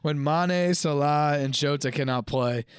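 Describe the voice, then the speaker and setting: Quick joking man hosting a sports podcast. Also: a little high, smooth. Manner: quick, joking, steers the talk with questions. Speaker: podcast co-host. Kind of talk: casual sports chat. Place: home studio.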